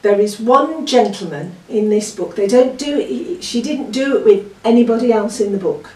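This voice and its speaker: Rambling through a casual book review full of ums and little laughs, this Yorkshire-born woman speaks at normal speed in a slightly high, animated voice with a darkish tone. The recording is distant from the mic, in an echoey room with faint background noise.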